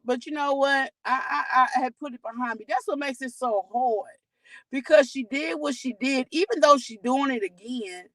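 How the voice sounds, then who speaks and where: A woman's voice: high-pitched, no echo, poor audio. A woman hosting a casual livestream, talking candidly and chatting straight to her viewers. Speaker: livestream host.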